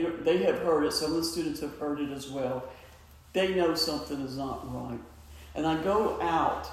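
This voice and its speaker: A man's voice: fairly high pitch, a little hiss or hum. A middle-aged man giving an earnest, heartfelt personal testimony at a suicide awareness event. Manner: earnest, slow, heartfelt storytelling. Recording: echoey hall, mic far off.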